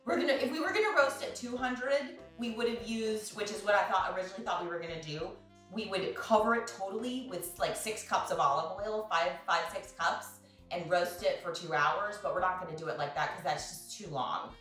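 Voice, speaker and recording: Guiding another cook through a recipe in a casual video-call cooking demonstration, this host is chatty, playful, and quick to laugh. She speaks fairly quickly in a mid-range, slightly bright voice. Soft background music accompanies the roomy-sounding recording.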